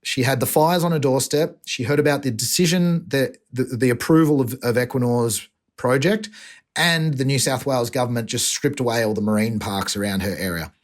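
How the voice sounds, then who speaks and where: A man's voice: mid-range voice, fairly quick. An Australian man, an environmental activist, talking emotionally and earnestly in a podcast interview, often restarting his sentences.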